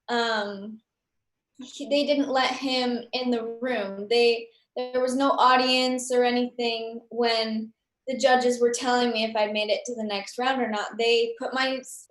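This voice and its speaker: Young woman, interview guest, high voice, chatty storyteller, echoey room. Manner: chatty, animated, with many fillers.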